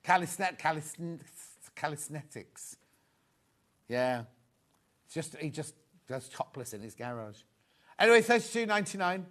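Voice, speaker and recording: Middle-aged male shopping host, rambling and jokey, slightly high-pitched. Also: expressive, measured pace, long pauses, fairly bright tone. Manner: chatty, rambling, jokey asides. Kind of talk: live TV selling, casual chat.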